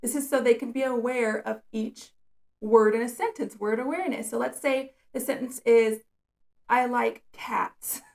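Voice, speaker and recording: Gravelly-voiced woman teaching reading tips. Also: fairly high pitch, moderate pace, a little mellow. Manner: patient, explains step by step with examples. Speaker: special education teacher. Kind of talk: instructional video tutorial.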